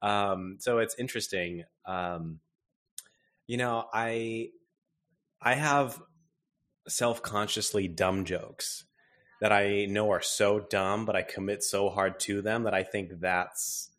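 A man's voice: fairly low pitch, takes it slowly, a bit bright. A man in casual chat, talking hesitantly with restarts. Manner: hesitant, many fillers and restarts.

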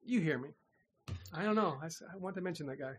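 Animated man telling a story. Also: high voice, racing. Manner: animated, laughs often, swears casually. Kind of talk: casual chat, storytelling.

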